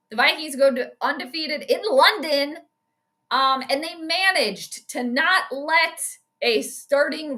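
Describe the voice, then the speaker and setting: A woman talks her way through a game live on a stream, chatty and quick to react out loud. Her voice sits high and sounds bright and forceful. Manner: excitable, chatty, reacts loudly to plays. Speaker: astrologer and sports streamer.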